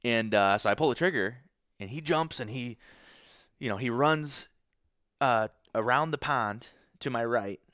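A man's voice: medium pitch, a little slow, fairly bright tone, no echo, studio quality. A young man from Michigan, a podcast guest, telling a hunting story in a casual, rambling way with many fillers and restarts.

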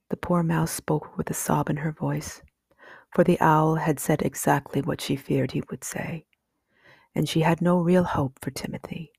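A woman reading a children's novel aloud in calm, measured audiobook narration. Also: deep voice, creaky, slightly rough, no echo, clean studio sound. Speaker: reader.

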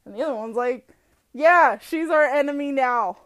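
A woman with a high-sitting voice hosts a solo podcast at normal speed, ranting bluntly with heavy swearing. She laughs often and mocks people while animatedly telling stories in this profane monologue.

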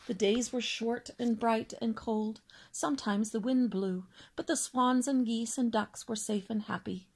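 A woman reading a children's novel aloud in a steady storybook manner, with small slips now and then. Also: fairly high pitch. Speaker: reader.

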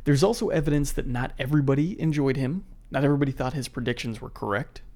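A man co-hosting a casual podcast, relaxed as he reads out history facts and then riffs on them. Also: medium pitch, quick pace. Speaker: podcast co-host presenting history.

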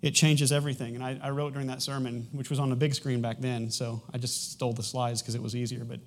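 A man's voice: mid-range voice, little pitch movement, fast. Conversational pastor man, rambling sermon. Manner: conversational and rambling, with frequent restarts.

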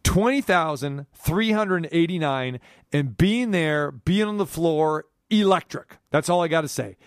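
A man hosting a sports talk radio show, delivering an animated, rambling monologue from a studio. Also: fairly high pitch, measured pace, dry recording.

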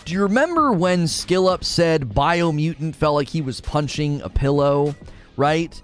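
Guy streamer chatting games, jokey, voice bouncing all over, kinda high, faint music behind. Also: a little slow. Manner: animated, jokey, swings between loud bursts and mutters. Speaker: live-stream gaming host. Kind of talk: casual live-stream chat.

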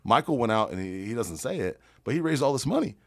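A man's voice: mid-range voice, big pitch swings, fast talker, vocal fry, dry recording. A man guesting on a podcast as a real estate investor, telling brash, boastful stories full of swearing. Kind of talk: profane storytelling on a podcast.

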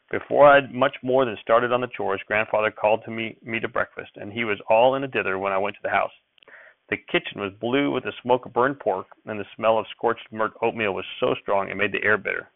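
A man reading a novel aloud in steady narration, with small slips and self-corrections. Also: on the low side, a little fast, creaky, dry recording. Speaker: reader. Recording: dry, thin phone-like sound.

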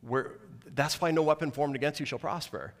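A man preaching a sermon as pastor, chatty and animated, slipping into mock-dramatic voices and dry jokes. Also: a little high, fairly quick. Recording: long reverb of a large hall.

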